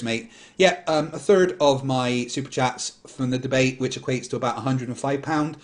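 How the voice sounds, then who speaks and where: A man hosting a casual livestream, reading super chats aloud in a blunt, dismissive way. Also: mid-range voice. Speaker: host.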